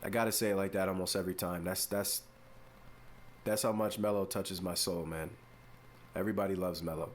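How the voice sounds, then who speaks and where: A man hosting a sports podcast, giving casual, mock-exasperated opinion commentary with drawn-out, playful emphasis. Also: low voice, steady tone.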